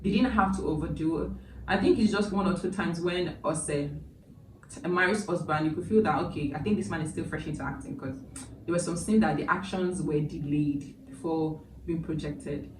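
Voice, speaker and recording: A chatty woman talks through a movie review, emotional and full of asides. Her voice sits low and sounds some way off from the mic. The room is echoey, with steady noise underneath. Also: moderate pace, far from the mic. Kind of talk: casual spoken review.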